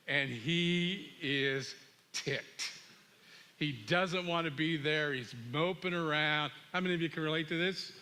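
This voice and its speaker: Middle-aged male pastor, animated sermon storyteller, bright and high-pitched. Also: normal speed. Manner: animated storyteller, acts out dialogue.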